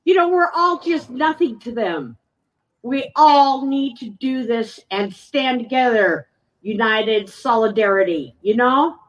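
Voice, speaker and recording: A woman speaks slowly and haltingly, her voice sitting fairly high and full of emotion as she gives public testimony. She is picked up from some distance from the microphone, so she sounds set back in the room. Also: expressive, lo-fi sound. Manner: emotional, halting, with frequent pauses. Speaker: resident speaking at a public meeting.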